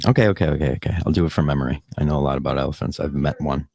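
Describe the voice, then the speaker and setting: A man's voice: rumbling low, little pitch movement, very fast, creaky, darkish tone. A podcast host on a casual live stream, rambling and swearing as he talks back to the chat comments.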